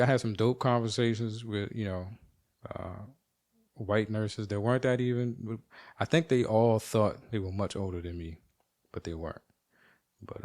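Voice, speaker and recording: Man, podcast host, rather low voice, animated, profane, rambling storytelling. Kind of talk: casual storytelling monologue. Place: at home.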